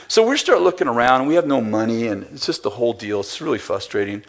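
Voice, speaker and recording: A man's voice: medium pitch, big pitch swings, fast, hardly any pauses. A man preaching a sermon, telling a story with acted-out dialogue and bursts of laughter. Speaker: pastor.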